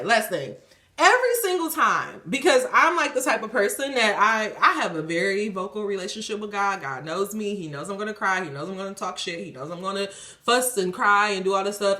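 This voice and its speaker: A woman giving a casual spiritual reading, animated and profane, laughing often. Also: medium pitch. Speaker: tarot reader. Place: a room at home. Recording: echoey room.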